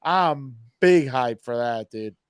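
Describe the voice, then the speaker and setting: A man's voice: medium pitch, expressive, takes it slowly, clean tone, dry recording, studio quality. A man co-hosting a casual sports podcast in a laid-back, joking way. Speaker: podcast co-host.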